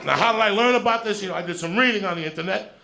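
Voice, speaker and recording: A stand-up comedian with a gravelly, high-pitched voice tells a long story very fast, bluntly and profanely, in a conversational style. The clip is played back with steady background noise and a crowd audible behind him.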